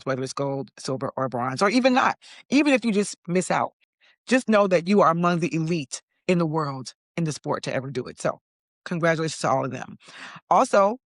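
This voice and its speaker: A woman's voice: on the low side, no echo. Sassy chatty woman host, dry close sound. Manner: sassy, chatty, says "honey" and "okay". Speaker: podcast host. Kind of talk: casual opinion commentary.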